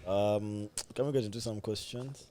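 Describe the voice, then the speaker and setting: A man's voice: lowish voice, fairly even intonation, moderate pace, mellow. A man co-hosting a casual podcast chat, laid-back and drawling, often dropping to a mumble. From Uganda. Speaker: podcast co-host.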